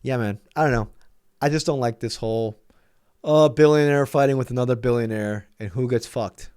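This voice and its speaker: A man's voice: medium pitch, moderate pace, a little mellow, clean tone, no echo, studio quality. A man hosting a sports vlog, ranting with exasperation and profanity, emphatic and fed up. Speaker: sports channel host.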